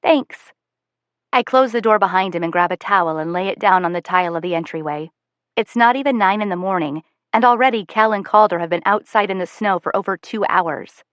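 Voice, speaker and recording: A woman's voice: mid-range voice, brisk, a bit bright, dry recording, dull audio. Woman narrating a first-person audiobook.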